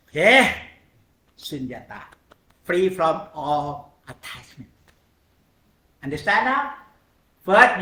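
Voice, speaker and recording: Slow, halting man teaching meditation in an echoey room. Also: a little high, bright, forceful tone. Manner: slow, halting non-native English in short phrases with pauses. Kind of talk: dharma talk on mindfulness.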